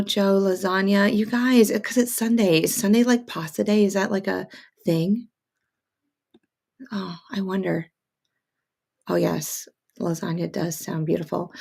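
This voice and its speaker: A woman's voice: mid-range voice, vocal fry, a little mellow. A woman hosting a casual sewing livestream, chatting with viewers, greeting them by name, and drifting into rambling asides. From upstate New York, near Montreal. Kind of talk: casual live-stream chat.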